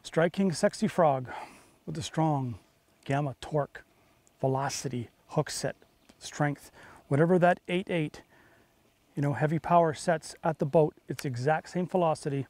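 A man hosting a fishing show from a boat on a lake, talking in punchy, excitable, salesy bursts. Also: fairly high pitch, moderate pace, no echo. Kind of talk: on-the-water fishing commentary.

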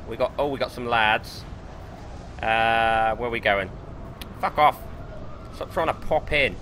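A man giving casual, excitable and sweary commentary while livestreaming a game and talking to his chat. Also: mid-range voice, slow, long pauses, slight background noise. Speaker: game streamer.

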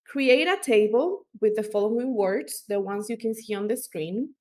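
A woman's voice: on the high side, normal speed. A woman teaching as an instructor, explaining step by step with fillers and small self-corrections. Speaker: language instructor.

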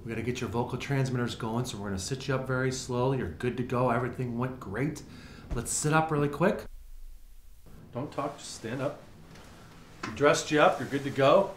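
A chatty, reassuring surgeon, played by a man, with an easygoing, mid-pitched voice. The room is echoey, with clear background noise. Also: moderate pace, close to an everyday voice. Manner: casual, reassuring, talks patients through things. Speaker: doctor.

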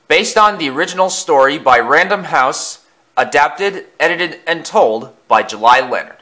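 Slow, expressive male storyteller. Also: a little high. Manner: expressive, dramatic. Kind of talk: storybook narration.

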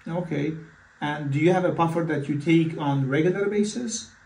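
A man's voice: fairly high pitch, moderate pace, gravelly, a little mellow. A man acting as a physician in a mock patient consultation, talking hesitantly with many fillers and restarts. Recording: echoey room, far from mic.

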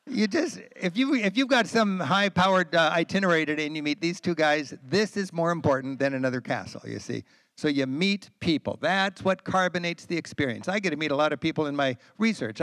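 An American man in his sixties, speaking as a travel writer at a talk event, telling travel stories with animated enthusiasm and frequent fillers. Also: on the high side, no echo, studio quality. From United States. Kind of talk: storytelling talk to an audience. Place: lecture event.

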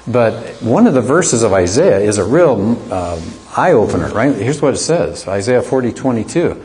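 A man's voice: medium pitch, sing-song, normal speed, a little mellow. A man teaching an apologetics class, lecturing conversationally and asking the students rhetorical questions.

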